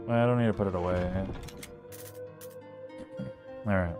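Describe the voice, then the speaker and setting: A young man with a low, steady voice streams a horror game, talking a bit slowly over background music. He rambles casually to himself and his viewers with a sore throat, packing in plenty of fillers as he does live-stream commentary.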